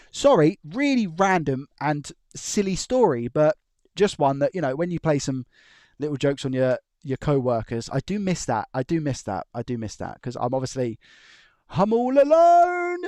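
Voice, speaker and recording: A man's voice: a little high, darkish tone, no echo, studio quality. A man chatting casually on a live stream from his room, rambling and chuckling as he tells stories and restarts his sentences. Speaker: electronics repair live streamer. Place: his own room at home.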